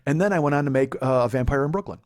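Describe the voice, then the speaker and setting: A man's voice: medium pitch, rapid-fire, a little mellow. A man hosting a comedy podcast, telling a crude, rambling story with sarcastic asides. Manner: crude, sarcastic, jumps into silly voices.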